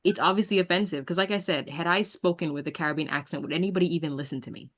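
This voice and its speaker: A woman from Jamaica with an American accent, hosting a casual interview and talking in an emphatic, animated way. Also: deep voice, very fast. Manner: emphatic, animated, laughs often. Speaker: podcast host.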